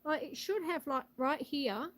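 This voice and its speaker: A woman's voice: high-pitched, unhurried, rough recording. Breathless, chatty woman live-streaming outdoors. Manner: chatty, reads out viewer comments. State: a bit out of breath. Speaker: homestead livestream host. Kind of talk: casual live-stream chat. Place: outdoors on a rural property. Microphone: phone held for live stream.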